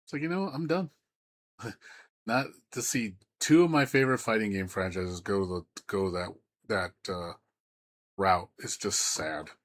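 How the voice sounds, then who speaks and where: Husky-voiced man ranting on stream. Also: on the low side, measured pace. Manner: profane, heated, stammering restarts. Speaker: game streamer. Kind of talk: live-stream rant.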